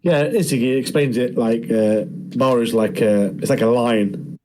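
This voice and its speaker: A man co-hosting a podcast, relaxed and agreeable, often ending with tag questions. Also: mid-range voice, unhurried, low-quality recording. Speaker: podcast co-host. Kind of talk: casual chat.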